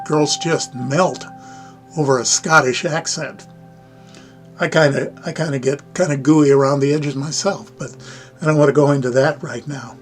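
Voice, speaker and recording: An older American man with a Midwestern accent, hosting a casual live-stream chat in a rambling, folksy way with chuckling asides. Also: on the high side. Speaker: livestream host.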